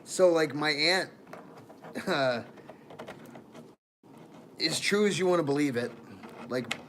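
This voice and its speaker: A man's voice: a little high, animated, slow pace, a bit bright, a little hiss or hum. A man rambling through casual livestream chat on a phone camera, laughing often and trailing off mid-thought.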